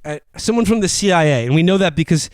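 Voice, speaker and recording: A man co-hosting a podcast, retelling a film plot in a rambling, animated comic chat with laughs. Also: on the high side, fast talker, no room sound. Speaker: podcast co-host. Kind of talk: casual comedic film review chat.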